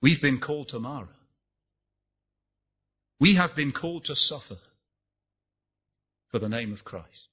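A man's voice: medium pitch, lively intonation, unhurried, long pauses, husky, highs cut off. A man preaching a sermon, impassioned, rising and falling, asking the congregation rhetorical questions.

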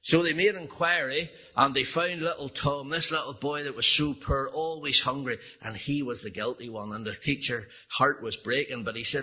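A man's voice: medium pitch, moderate pace, husky, lo-fi sound. A man preaching an evangelistic sermon, telling a story and then pleading earnestly with his listeners.

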